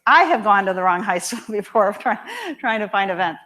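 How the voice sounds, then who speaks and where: Expressive woman preaching a sermon. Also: mid-range voice. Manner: emphatic and expressive, with measured repetition. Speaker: minister. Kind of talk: sermon with storytelling. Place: church sanctuary.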